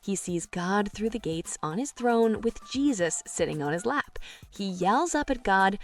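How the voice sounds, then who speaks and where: Animated woman telling jokes. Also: medium pitch, unhurried. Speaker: joke narrator. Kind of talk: scripted joke narration.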